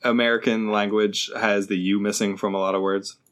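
A man with a low but bright, forceful voice, co-hosting a relaxed podcast. He chats easily and likes to share bits of trivia. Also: brisk. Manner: chatty, shares trivia with laughs. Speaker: podcast co-host. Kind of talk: casual chat.

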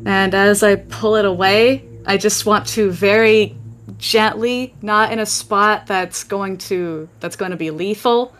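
A woman's voice: mid-range voice, fairly even intonation, unhurried, fairly bright tone, a little hiss or hum. A woman playing a tabletop game, describing her character's actions hesitantly. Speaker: player.

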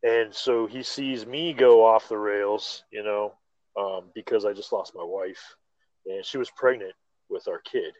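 Excitable man on slightly dull lo-fi audio. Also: fairly low pitch, unhurried, no echo. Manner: excitable, stammering restarts. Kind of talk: casual chat.

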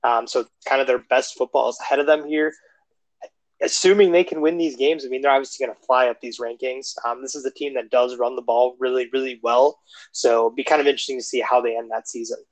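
A man co-hosting a podcast in casual sports chat, relaxed and joking, recorded on his phone. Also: mid-range voice, quick pace, no room sound, poor audio. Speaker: podcast co-host.

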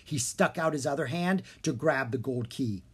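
Husky narrator reading a kids fantasy book, steady pace, medium pitch. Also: moderate pace. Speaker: audiobook narrator. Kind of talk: storybook narration.

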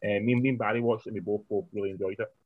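A man co-hosting a podcast, giving quick, opinionated film takes and steering the talk to the next title. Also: on the low side, steady tone, dry recording. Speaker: podcast co-host. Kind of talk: casual film review chat. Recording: tinny phone-like line, dry.

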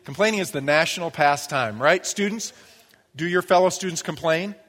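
A man's voice: moderate pace, fairly bright tone. Conversational male pastor in a reverberant church. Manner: conversational and humorous, mimics grumbling in a low mutter. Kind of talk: sermon. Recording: long reverb of a church hall.

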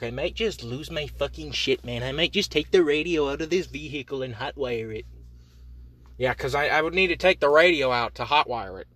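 Young guy ranting nonstop with cursing and weird deadpan jokes, bright edgy voice, sitting in a truck. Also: mid-range voice. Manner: profane, absurd deadpan tangents. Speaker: podcast host. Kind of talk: rambling comedic monologue. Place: inside a parked truck.

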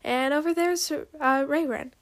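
A woman reading a story aloud, voicing a calm, matter-of-fact young woman who leads a small group. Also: high-pitched, unhurried, voice pushed up.

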